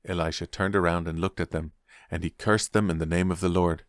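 Deep-voiced man reading scripture. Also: steady tone, no room sound, clean studio sound. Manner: measured, deliberate storytelling. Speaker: Bible reader.

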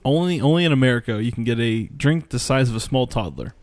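A man hosting a podcast, bantering loosely with friends. He teases and swears freely, his voice sitting at an ordinary middle pitch. The sound is dry and close. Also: lively intonation, fast, darkish tone, dry recording. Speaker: podcast host.

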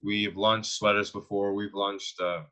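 Slangy young Canadian man, low voice. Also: measured pace, poor audio. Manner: slangy, animated storyteller who laughs often. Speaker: guest, online fitness coach. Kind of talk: casual conversational interview.

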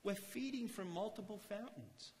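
Man, lay church speaker, earnest sermon delivery, somewhat high voice, reverberant hall. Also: a little mellow, a little hiss or hum. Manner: earnest, conversational, slows to stress key lines. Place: church chapel.

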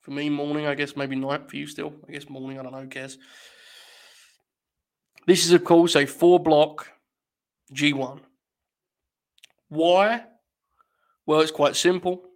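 A man with a slightly high voice talks casually through a live stream. He rambles and jokes with his chat in a wry, offhand way. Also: little pitch movement, a little slow, pauses often. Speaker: wrestling podcast host.

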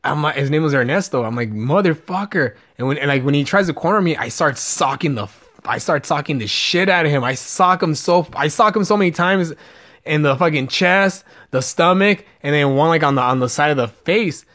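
A man's voice: on the high side, a little fast, fairly bright tone. A man in his twenties from California hosting a casual podcast chat, loose and full of fillers and swearing. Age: 20s. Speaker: podcast host.

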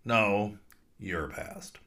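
A man voicing a folksy, wry male ghost who was once a dean, talking in a slow, dry drawl. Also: on the low side, sharp tone, full character voice.

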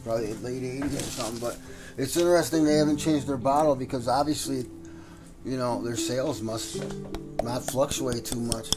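A man's voice: mid-range voice, fairly even intonation, normal speed, over loud music, rough recording. A man co-hosting a casual chat, laid-back and chiming in. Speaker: channel co-host.

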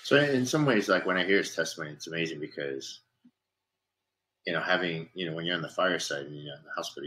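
A man in casual conversation about faith, getting animated when retelling others' words. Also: sits low, fast, rough recording. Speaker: church member guest. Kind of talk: casual chat.

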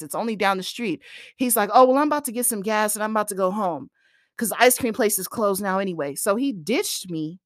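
A woman's voice: medium pitch, dry recording, studio quality. A woman in her thirties hosting a podcast, telling a story in a casual, exasperated way and acting out the quoted lines. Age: 30s. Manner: animated, exasperated retelling with quoted dialogue. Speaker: podcast host.

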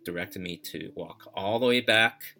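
A man telling a personal story as podcast host, reflective and halting, with many fillers and restarts. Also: low-pitched, sharp tone.

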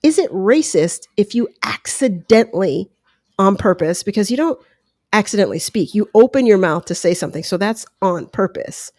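A woman's expressive, warm, medium-pitched voice carries her casual solo podcast commentary, delivered at normal speed from a room at home. She's conversational, talking through opinions with asides and quoted voices. Headphones and a close mic give clean studio sound with no room sound, while a dog is heard lapping water.

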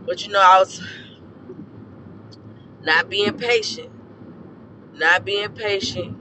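A hoarse man with a fairly high voice delivers a blunt, cuss-filled rant about parenting. His tone is preachy and direct. Loud traffic and outdoor noise sit clearly behind him. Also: steady tone, slow, long pauses, rough recording. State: hoarse from a scorched throat. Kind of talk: casual opinion rant.

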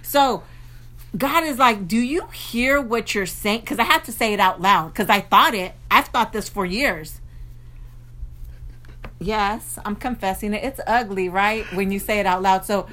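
A woman co-hosting a casual faith podcast with her husband, talking in an animated, confessional way straight to her listeners. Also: mid-range voice, measured pace. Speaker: podcast co-host.

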